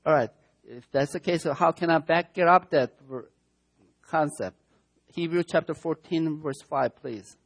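A man's voice: on the high side, a little slow, vocal fry, slightly rough. A man with as a preaching a conversational, verse-by-verse sermon, asking his listeners rhetorical questions and often correcting himself mid-sentence. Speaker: pastor. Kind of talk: sermon, verse-by-verse Bible teaching.

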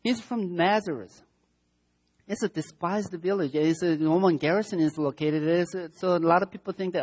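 A man's voice: high voice, normal speed, husky. A man with as a preaching a conversational, verse-by-verse sermon, asking his listeners rhetorical questions and often correcting himself mid-sentence. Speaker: pastor. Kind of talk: sermon, verse-by-verse Bible teaching.

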